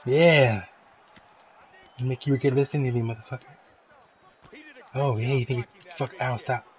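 A young gaming video host commentates his own fighting-game match, loudly swearing and trash-talking the computer opponent with jokes. His voice is mid-range with fairly even intonation at normal speed, and the highs are cut off.

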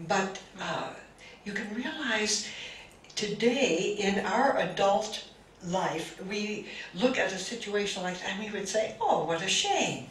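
A woman spiritual teacher telling a story to a group, speaking with halting restarts. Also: medium pitch. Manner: slow, halting, with many restarts. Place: meeting room. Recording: roomy, distant mic, faint hiss.

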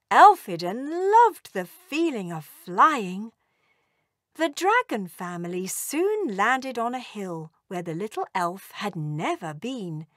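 A woman narrating a children's storybook in a slow, expressive read-aloud manner. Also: mid-range voice, no echo, clean studio sound.

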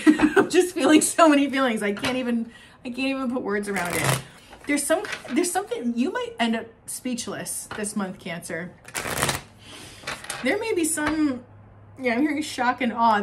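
A young adult woman giving an oracle card reading to camera, gushing and excitable, laughing often and trailing off mid-sentence. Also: on the high side, background noise. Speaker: tarot card reader.

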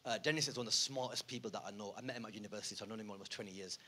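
A man performing live stand-up, swinging from muttered asides to loud rants. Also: fairly low pitch, very fast, slight background noise. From United Kingdom. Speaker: stand-up comedian. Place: theatre stage.

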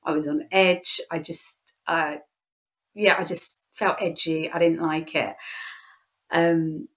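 This woman, an English youth leader being interviewed, tells a sincere story from her own life, often restarting mid-thought. Her low-pitched voice is steady and fairly bright, and she takes a slow pace.

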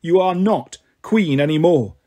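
A man's voice: a little high, animated, unhurried, dark tone. A man voicing a proud, cold woman warrior queen in a storybook reading, commanding and icy.

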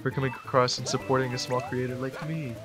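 A young man in his late teens giving rambling let's play commentary into a desk mic, breaking into sudden excited yelps. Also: mid-range voice, quick pace, music in the background. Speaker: gamer.

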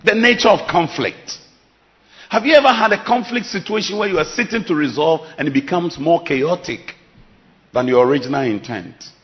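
A man's voice: fairly high pitch, normal speed. Emphatic preacher man. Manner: emphatic, dramatic preaching with sharp swings in loudness. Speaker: pastor. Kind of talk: sermon.

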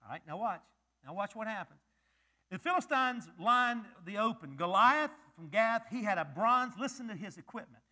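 A male pastor delivering a sermon in a notably high, bright voice, cracking jokes and firing questions at his congregation. His pitch swings widely as he preaches. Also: moderate pace. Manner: animated, joking, quizzing the congregation.

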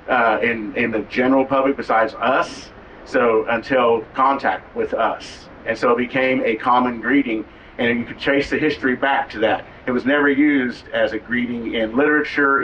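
A man from Oklahoma gives a relaxed outdoor talk as a tribal cultural educator, teaching phrases and joking with his listeners. He sounds distant from the mic, with faint noise behind him. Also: medium pitch, lo-fi sound. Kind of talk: outdoor talk to a visiting group. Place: outdoors at a waterfall site.

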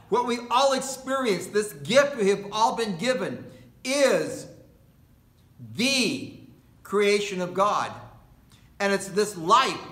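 A man preaches in a bright, fairly high voice, taking his time and leaning on repeated words. His delivery is slow and deliberate, with long pauses. The sound carries the echo of a large indoor worship space. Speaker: pastor. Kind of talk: sermon.

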